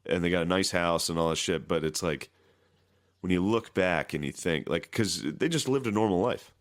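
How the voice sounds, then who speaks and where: A man co-hosting a podcast in casual comedic chat, deadpan with dry, joking asides and plenty of swearing. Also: low-pitched, normal speed. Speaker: podcast co-host.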